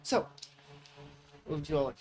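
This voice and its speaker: A man's voice: fairly high pitch, lively intonation, moderate pace. A man running a tabletop game as game master, playful and laughing often.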